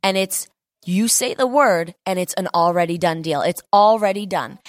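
A woman delivers a fervent sermon in a relaxed, conversational way at a medium pitch. She repeats phrases for emphasis and leans on fillers. The recording is dry and close. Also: no room sound. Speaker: preacher.

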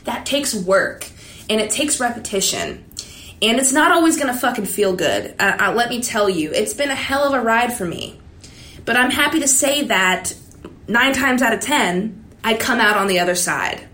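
A woman's voice: on the high side, fairly bright tone. A woman giving a candid motivational talk to her viewers, blunt and confiding, swearing often. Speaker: vlogger. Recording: echoey room.

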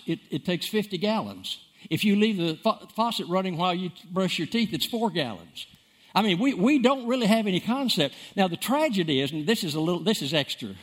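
High-voiced, animated preacher man. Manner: emphatic, repeats words for stress, dramatic swings in loudness. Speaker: pastor. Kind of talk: sermon.

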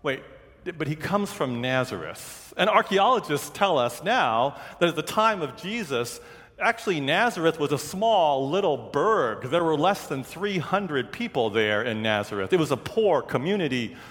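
A man's voice: a little high, big pitch swings, moderate pace, fairly bright tone, long reverb tail. A man preaching a sermon, telling stories and acting out the voices of the people he quotes. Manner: storytelling, acts out quoted voices. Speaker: pastor.

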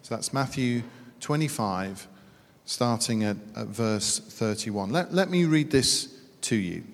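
British male preacher, mid voice, sermon in a reverberant church hall. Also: medium pitch. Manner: reads scripture slowly, then talks with lively humorous asides.

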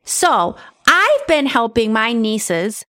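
Middle-aged woman podcaster, chatty and animated, a bit high-pitched, casual storytelling. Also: takes it slowly. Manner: chatty, animated, says right and you guys. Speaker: podcast host and medium.

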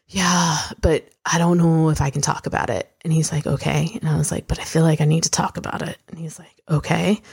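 Low-voiced chatty woman telling a story. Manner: chatty, swears freely, many fillers. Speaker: podcast co-host. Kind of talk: candid personal storytelling.

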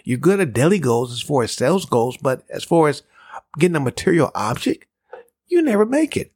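A man hosting a podcast, giving a measured motivational sales lesson and acting out the dialogue of a personal story. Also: mid-range voice, expressive, darkish tone, husky, dry recording, clean studio sound. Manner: measured, repetitive, acts out dialogue in his story. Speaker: sales trainer and podcast host.

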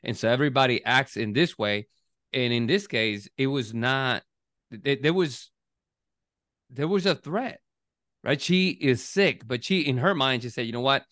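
A man chatting as co-host in a measured, reflective way, often checking in with "right?". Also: medium pitch, animated, fairly bright tone, dry recording, studio quality. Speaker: podcast co-host. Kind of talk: casual conversation.

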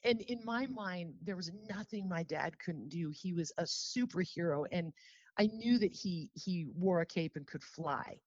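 Woman telling her testimony in an interview, heartfelt and close to tears, slows down on the heavy parts, lowish voice, dry dull sound. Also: animated, no room sound. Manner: earnest and heartfelt, slowing down on solemn phrases. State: emotional, near tears. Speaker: interview guest.

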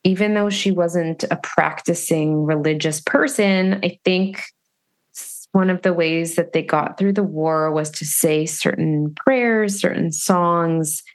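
A woman host telling a personal story in an earnest, reflective way, pausing and restarting often. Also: on the low side. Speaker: podcast host.

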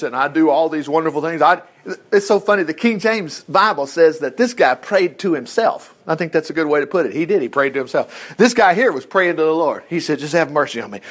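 A man teaching from the Bible in a casual, animated way, reading verses aloud and breaking in with his own asides. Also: on the high side.

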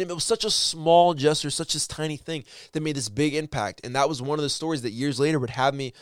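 A man's voice: medium pitch, smooth, dry recording, studio quality. Rambling earnest man telling a story. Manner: rambling, with frequent restarts and self-corrections; earnest and encouraging. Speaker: storyteller addressing viewers. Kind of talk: casual heartfelt storytelling.

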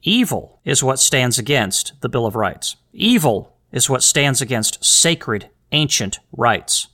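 A man's voice: medium pitch, big pitch swings, slow, bright, forceful tone. A man hosting a solo podcast, talking in an earnest, emphatic way with rhetorical questions and frequent restarts. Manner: repeats words and restarts phrases. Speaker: podcast host.

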